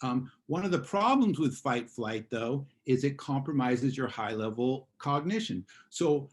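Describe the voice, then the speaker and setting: A man's voice: mid-range voice, lively intonation, a little slow. A man teaching an online class in a casual way, acting out examples as he explains. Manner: casual, acts out examples in voices. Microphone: video call.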